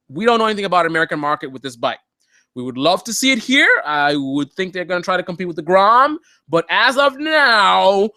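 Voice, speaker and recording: A man's voice: sits high, pushed and bright, dry recording, clean studio sound. A man hosting a live motorcycle channel update, talking casually in a joking, rambling way with lots of fillers.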